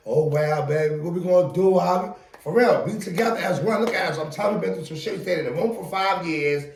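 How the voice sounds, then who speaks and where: A man's voice: high-pitched, gravelly, roomy sound, far from the mic, slight background noise. A man co-hosting a storytime vlog, talking emphatically and repeating himself for stress. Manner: emphatic, keeps repeating "for real". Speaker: vlogger, co-host with his partner. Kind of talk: casual storytime chat.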